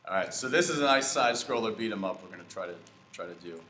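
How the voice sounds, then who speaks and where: Chatting while he games, a comedy podcast host talks fast, rambling through stories with fillers and restarts. His voice sits on the low side yet sounds bright and forceful, with lively intonation, in an echoey room with slight background noise.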